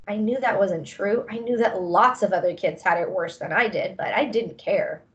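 A woman's voice: medium pitch, moderate pace, few pauses, a bit bright, muffled recording. Woman reading a children's novel aloud. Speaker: reader.

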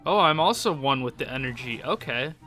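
A young man giving excitable gameplay commentary, laughing often and yelping in surprise. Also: mid-range voice, a little fast, over loud music. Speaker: gaming YouTuber.

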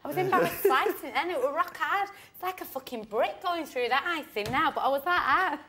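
A woman's voice: high-pitched, lively intonation, brisk, sharp tone. A woman in a reality show house, ranting late at night with heavy swearing and laughing through her words. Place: shared house bedroom at night.

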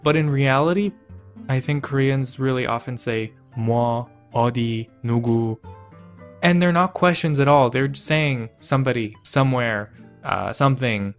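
A man's voice: mid-range voice, normal speed, soft background music. A man casually teaching grammar in a playful, self-mocking way. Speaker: language teacher. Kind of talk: casual educational video.

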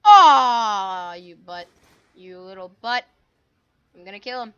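A woman's voice: a little high, sing-song, slow, a bit bright, clear, resonant tone, lo-fi sound. A woman giving casual, goofy commentary while playing a game, full of silly sound effects. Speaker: gamer.

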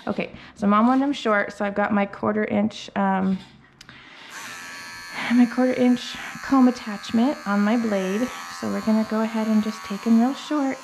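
Her voice is a bit high, with fairly even intonation and a normal pace, as this young woman chats her way through grooming a dog for a vlog, explaining each step and baby-talking to the dog in between. A camera mic in the grooming room also catches the whir of the hair dryer and electric clippers behind her.

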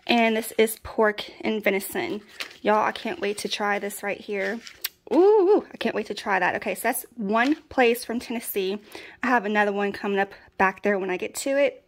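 A woman's voice: mid-range voice, slight background noise. A woman, chatting casually through a food haul. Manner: chatty, folksy, laughs often. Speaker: prepping vlogger. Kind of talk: casual pantry haul chat.

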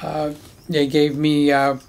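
A man's voice: a little high, completely flat delivery, slow pace, vocal fry, darkish tone, clean tone. A middle-aged man chatting casually in a home unboxing vlog, joking around and talking to his pets in a Christmas-decorated room. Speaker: camera vlogger.

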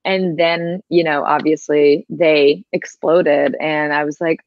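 Young woman from Georgia, lowish voice, chatty podcast guest, giggly and loose, dry slightly muffled recording. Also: steady tone, takes it slowly, dry recording. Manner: chatty, laughs often, lots of "like" fillers. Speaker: guest musician. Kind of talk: casual podcast interview.

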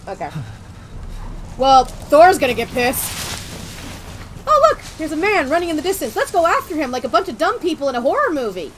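A young woman playing a horror game on stream, joking, animated and swearing freely. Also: high voice, moderate pace, long pauses, slight background noise. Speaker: gaming streamer. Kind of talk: casual let's play commentary.

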